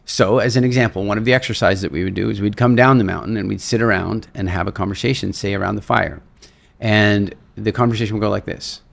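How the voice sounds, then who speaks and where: Gravelly storytelling man. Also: fairly low pitch, fast. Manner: animated storyteller, acts out quotes, repeats words. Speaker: guest, seminar leader and keynote speaker. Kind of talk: storytelling in a podcast interview.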